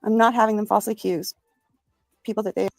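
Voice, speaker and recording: A woman guest on a livestream panel, telling her side of things in a rushed, emphatic way. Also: mid-range voice, fairly even intonation, creaky, a little mellow, dry recording.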